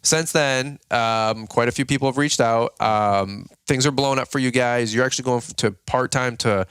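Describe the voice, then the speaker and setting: A man's voice: mid-range voice, moderate pace, clean tone, no room sound, clean studio sound. Sleep-deprived man hosting a podcast. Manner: joking, animated storytelling with playful impressions. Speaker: podcast host. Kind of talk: casual podcast chat. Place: home nursery.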